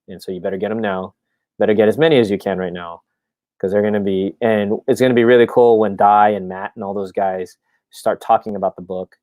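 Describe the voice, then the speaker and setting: A man with a fairly low voice hosts a casual live stream, rambling excitedly through his plans with plenty of ums and restarts. The sound is dry and close, with no room echo around him. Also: a little fast. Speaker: comic creator hosting a live stream.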